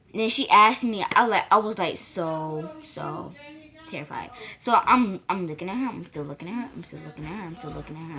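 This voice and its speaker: A woman's voice: mid-range voice, a bit bright. A woman vlogger rambling through a casual storytime, acting out the voices of the people in it. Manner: rambling, acts out quoted voices.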